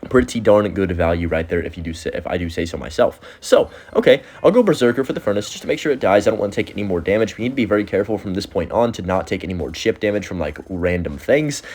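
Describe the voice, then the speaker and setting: A young man giving casual, excitable commentary over his own gameplay, with sudden high-pitched outbursts. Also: fast talker, hardly any pauses. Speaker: gaming video host.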